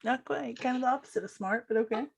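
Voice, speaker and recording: A woman's voice: fairly high pitch, quick pace, creaky, a crowd in the background. A woman co-hosting a casual chat about a TV show, playful, with short agreeing replies and wry asides. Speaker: podcast co-host.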